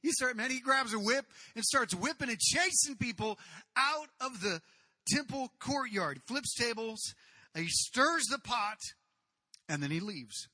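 A man preaching a sermon, telling the story in a casual, conversational way, speaking to the congregation directly and breaking into loud acted outbursts. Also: extremely high pitch, animated, unhurried, no room sound. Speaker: pastor.

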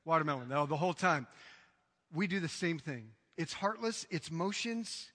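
A man's voice: fairly high pitch, animated, moderate pace, a bit bright. A man preaching a sermon as pastor, emphatic and dramatic, often acting out quotes. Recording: reverberant hall.

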